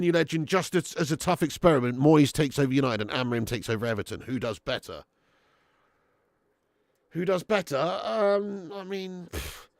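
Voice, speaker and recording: A man hosting a football watch-along stream, reading out chat comments in a blunt, sweary manner and breaking into loud rants. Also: fairly high pitch, creaky, dry recording, studio quality. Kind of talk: casual live-stream chat.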